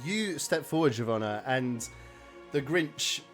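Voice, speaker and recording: A man's voice: medium pitch, animated, unhurried, soft background music. A man narrating a tabletop game as game master, hesitant with many fillers.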